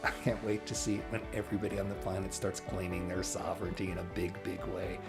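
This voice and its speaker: A man giving an animated, emphatic channeled spiritual talk, now and then dropping to hushed asides. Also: low-pitched, quick pace, creaky, over loud music.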